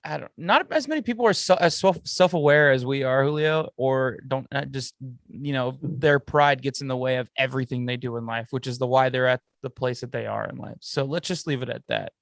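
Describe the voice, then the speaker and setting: Blunt podcast dude giving his take, mid pitch, super dry mic, calls people bro. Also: fairly quick, vocal fry, no echo. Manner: opinionated and blunt, says "bro". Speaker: podcast co-host. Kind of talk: casual sports chat.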